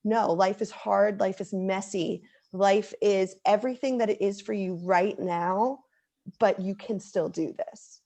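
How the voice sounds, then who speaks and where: A woman in her thirties talks as a guest in a casual interview. She speaks earnestly, with plenty of likes and ums, and her voice carries a gravelly, creaky texture. Her pitch sits in a middle range for a woman. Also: fairly even intonation, measured pace, warm tone. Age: 30s.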